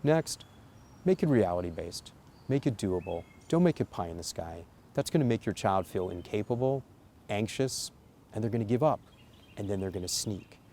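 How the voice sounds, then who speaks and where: A man with a low, gravelly, mellow voice gives an instructional talk to parents. He coaches earnestly and leans hard on his key points. The delivery feels like a teaching video. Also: lively intonation, normal speed, a little hiss or hum. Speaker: parenting educator.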